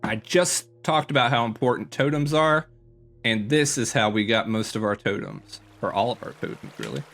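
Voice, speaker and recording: A man gives a loose, meandering commentary as he tours his game world. His voice sits at an ordinary middle pitch, and he keeps stopping to correct himself and fill gaps with ums. Faint music plays underneath. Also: animated, moderate pace, a bit bright. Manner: rambling, filler-heavy, self-correcting. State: slightly out of breath. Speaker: gaming YouTuber. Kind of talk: casual game commentary tour.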